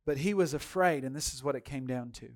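A male pastor preaching a sermon in a folksy, animated storytelling style, speaking straight to his congregation and swinging from loud to hushed. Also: medium pitch, a little fast. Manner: folksy, addresses congregation directly.

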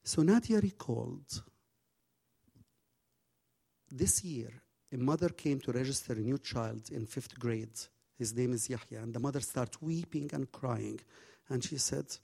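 Male preacher, husky voice, impassioned storytelling sermon with slightly broken phrasing. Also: medium pitch, measured pace. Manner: impassioned, swinging from hushed to loud.

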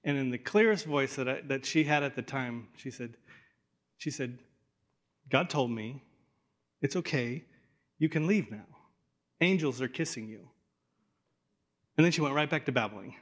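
A man's voice: medium pitch, unhurried, long pauses, fairly bright tone. Casting: man in his thirties, pastor, earnest and emotional, mid-range voice, repeats words as he restarts. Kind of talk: sermon.

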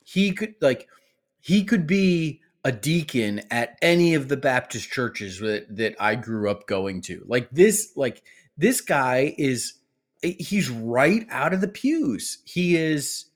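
A man's voice: mid-range voice, big pitch swings. A man co-hosting a political podcast, speaking earnestly in casual conversation with frequent restarts. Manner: halting, restarts often, earnest. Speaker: podcast co-host.

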